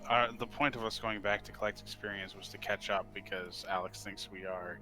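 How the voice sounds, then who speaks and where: A man's voice: lowish voice, steady tone, a little fast, over music, rough recording. A man at a tabletop game explaining the group's plan in a reasoned, step-by-step way. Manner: reasoned, lays out plans step by step. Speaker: player. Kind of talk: casual game-table chat.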